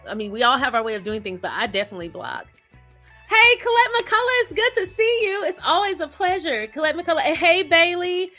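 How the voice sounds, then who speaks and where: Bright-voiced woman chatting with a live stream. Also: very high voice, brisk, faint music behind. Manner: chatty, laughs often, greets viewers by name. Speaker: host of a live stream discussion. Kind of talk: casual live chat reading viewer comments.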